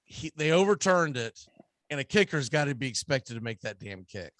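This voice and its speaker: Brief: Southern US male radio host, animated and opinionated, dry studio. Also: medium pitch, moderate pace, no echo. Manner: emphatic, animated, ranting. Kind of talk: casual sports talk.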